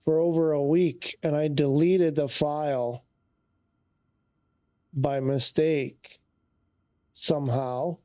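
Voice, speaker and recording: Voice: mid-range voice, fairly even intonation, slow pace, pauses often, mellow, no room sound. A flight sim streamer talking to themselves during live gameplay, muttering, sighing often and getting easily frustrated.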